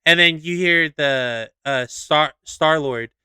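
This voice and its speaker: A young man co-hosting a podcast, telling a story in a lively, casual way, swearing freely and acting out scenes. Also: on the high side, takes it slowly, clean tone, dry recording. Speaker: podcast co-host.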